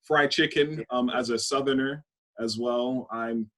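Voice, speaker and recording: A young man, chatting on a podcast in a relaxed, rambling way and laughing often. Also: mid-range voice, unhurried. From London. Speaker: podcast host. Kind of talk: casual chat.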